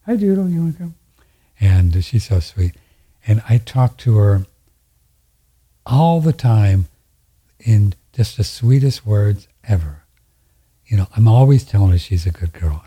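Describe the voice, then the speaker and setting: A man's voice: fairly low pitch, lively intonation, measured pace, warm tone, breathy edge. A man hosting a radio show, talking in a folksy, rambling way and often repeating himself. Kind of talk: casual conversation.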